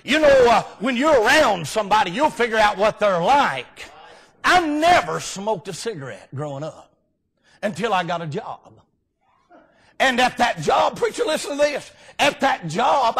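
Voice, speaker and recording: High-pitched shouting preacher. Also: male voice, husky. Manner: folksy, often bursts into shouting. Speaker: guest preacher. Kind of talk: revival sermon. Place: church sanctuary.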